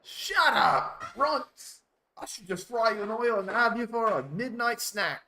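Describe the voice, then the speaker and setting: A man voicing a hostile male monster who snarls and shouts threats. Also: very high voice, expressive, a little slow, pitched above the performer's own voice, exaggerated voice. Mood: menacing.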